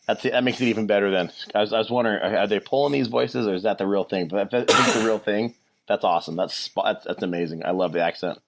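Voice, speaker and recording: A man co-hosting a podcast in casual chat, reacting quickly and with enthusiasm. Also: fairly low pitch, creaky, very noisy. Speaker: guest co-host.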